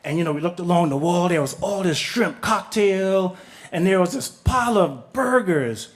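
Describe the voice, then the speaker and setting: Man, high voice, live stage storyteller, casual, cursing, mimics people he quotes. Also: lively intonation, moderate pace.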